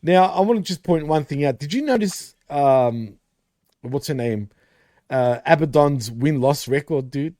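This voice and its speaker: A man's voice: a little high, expressive, unhurried, mellow, no echo, clean studio sound. A man co-hosting a casual wrestling recap show, laughing often and swearing, calling his co-host dude and bro.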